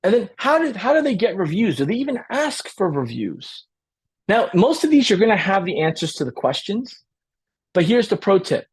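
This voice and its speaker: A man's voice: high voice, big pitch swings, breathy edge. A man coaching a live training webinar with lots of energy, repeating his points and often checking in with "right?". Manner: acts out client dialogue in quick role-play.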